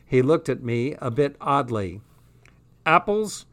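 A man's voice: mid-range voice, animated, slow, a bit bright. A man reading a comic first-person diary aloud with dry, sardonic delivery. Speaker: audiobook reader.

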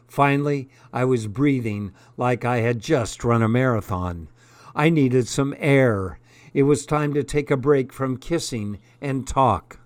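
A man reads a first-person story aloud at a notably slow, deliberate pace. His voice sits in an ordinary middle pitch. The recording is close and dry, with no room echo. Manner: unhurried, deliberate reading. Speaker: audiobook narrator.

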